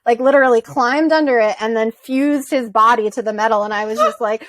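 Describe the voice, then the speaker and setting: A woman's voice: on the high side, normal speed, dry recording. A woman speaking as a podcast guest, reflective and a little wistful, laughing as she tells her own story. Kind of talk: casual podcast chat.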